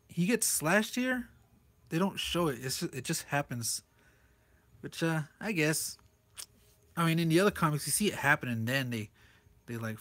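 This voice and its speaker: A man's voice: mid-range voice, fairly bright tone. A man reviewing a comic book page by page in a loose, rambling way, chuckling often as he talks. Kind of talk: casual comic commentary.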